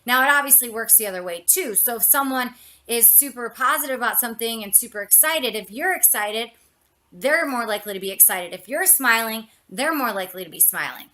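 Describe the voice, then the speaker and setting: A woman communication coach giving an expressive, chatty motivational talk, full of "you know" and "like". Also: fairly high pitch, brisk.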